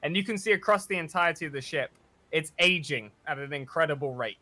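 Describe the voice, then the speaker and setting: A young man narrating as dungeon master, playful and quick to laugh. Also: fairly high pitch, sharp tone. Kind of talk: narrating a tabletop game.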